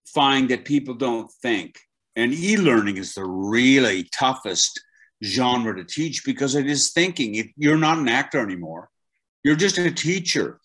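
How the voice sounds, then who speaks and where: An older man, a voice acting teacher, talking animatedly as an interview guest, with frequent restarts. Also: medium pitch. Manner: animated storyteller, many restarts. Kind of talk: conversational interview.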